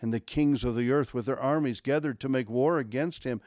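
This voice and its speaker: A man's voice: mid-range voice, a little mellow, no room sound. Man reading scripture, dry close sound. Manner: measured, solemn reading with emphatic rises. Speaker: guest scripture reader, pastor.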